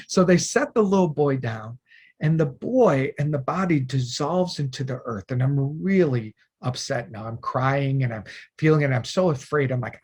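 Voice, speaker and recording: Male, husky mid-pitched voice, earnest personal storyteller, emotional and soft-spoken at times. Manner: earnest, emotional, with many restarts and soft drops in volume. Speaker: spiritual teacher.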